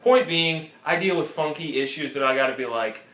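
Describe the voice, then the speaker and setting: A man co-hosting a podcast in casual chat, telling animated stories and mimicking callers in high voices. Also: brisk. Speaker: podcast co-host. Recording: roomy phone recording with faint noise.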